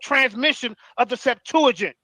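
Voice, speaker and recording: A man with a very high, bright voice argues in an online debate, combative and quick. He often slips into reading from his notes, and his audio sounds dry and close. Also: dry recording, low-quality recording. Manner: rapid, combative, reads from notes.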